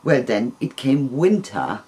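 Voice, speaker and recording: A man telling a long personal story in a casual, rambling, gentle way, with soft laughs between phrases. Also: medium pitch, sing-song, takes it slowly, husky.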